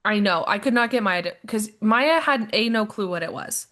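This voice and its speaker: A young woman co-hosting a podcast in a casual chat, telling an animated story and acting out her friend's lines. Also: medium pitch, moderate pace. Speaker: podcast co-host.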